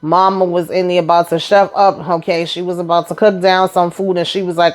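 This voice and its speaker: Host, female, lowish voice, slangy and animated casual recap delivery. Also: fairly quick, few pauses. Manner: slangy, animated storytelling with frequent asides.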